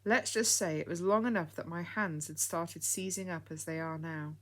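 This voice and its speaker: Gentle old lady, fond and soft, as a woman reads her. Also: on the low side, fairly even intonation, moderate pace. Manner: soft, fond, calls people dear.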